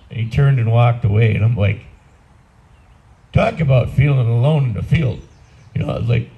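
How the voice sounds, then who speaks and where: A man's voice: medium pitch, animated, moderate pace, long pauses, lo-fi sound. A man in his sixties, a priest, preaching a homily in a blunt, conversational, self-deprecating way. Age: 60s. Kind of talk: sermon.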